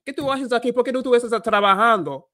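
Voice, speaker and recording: A man's voice: very high voice, fast talker, sharp tone, no room sound, clean studio sound, voice pushed up. A man putting on a bossy man who scolds someone sharply. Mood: scolding.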